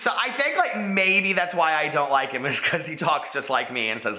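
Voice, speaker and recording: A man in his thirties talks casually about books, gushing, with constant "like"s. His voice is very bright and a little high. The room around him has a noticeable echo. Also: very animated, brisk, hardly any pauses. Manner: chatty, gushing, many "like"s. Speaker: booktube host. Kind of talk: casual book review vlog. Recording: echoey room.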